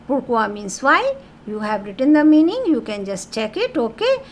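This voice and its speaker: High-voiced woman teaching French. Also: very animated, moderate pace. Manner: explains patiently, asks "okay?" often; reads French phrases then translates them to English. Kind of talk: classroom grammar lesson.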